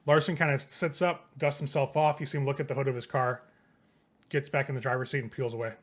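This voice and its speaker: A man narrating a tabletop game as game master, in a relaxed, rambling way full of fillers. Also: medium pitch, quick pace.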